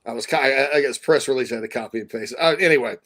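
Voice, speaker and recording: A man's voice: mid-range voice, rapid-fire, fairly bright tone. Rambling man on a video call. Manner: rambling, with frequent restarts and asides. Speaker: guest commentator. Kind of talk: casual sports talk. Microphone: desktop mic on a video call.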